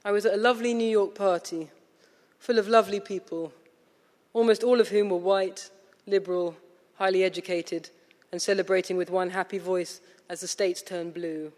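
A woman's voice: mid-range voice, fairly even intonation, a little mellow. Posh English woman lecturing in a hall. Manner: measured, wry, literary. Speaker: novelist giving a lecture. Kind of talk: prepared lecture read aloud. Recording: long reverb of a lecture hall.

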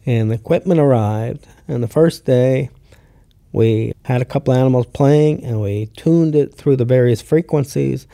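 Scientist guy in an interview, very dark gravelly voice, measured and emphatic. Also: mid-range voice. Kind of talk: interview recollection.

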